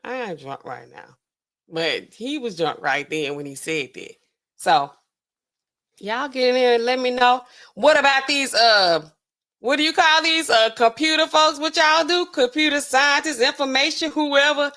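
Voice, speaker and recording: A woman's voice: sits high, unhurried, sharp tone. A woman hosting a live stream in a loose, slangy, rambling chat, laughing often and talking straight to her viewers.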